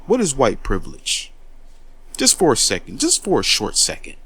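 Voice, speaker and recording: A man's voice: mid-range voice, wildly swooping pitch, normal speed, a bit bright, husky, no echo. Fired-up man ranting, voice leaping around. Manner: confrontational, profane, repeats words when worked up. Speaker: commentary host. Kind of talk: heated monologue rant.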